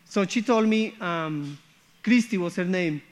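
A man's voice: sits high, unhurried. A middle-aged man from Colombia tells his personal faith story and acts out the dialogue in it. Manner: storytelling, acting out quoted dialogue with chuckles. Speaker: speaker sharing his testimony.

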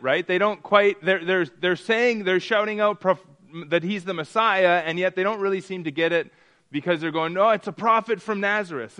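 Fairly high-voiced man teaching a Bible class. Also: fairly bright tone. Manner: reads scripture aloud and questions the group; restarts sentences often.

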